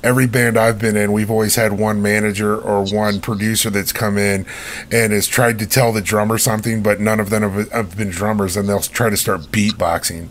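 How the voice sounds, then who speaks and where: A man's voice: lowish voice, flat delivery, fairly quick, slight background noise. A man hosting a casual interview, chatty and friendly, who sometimes stumbles over his words while asking questions. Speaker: interviewer host.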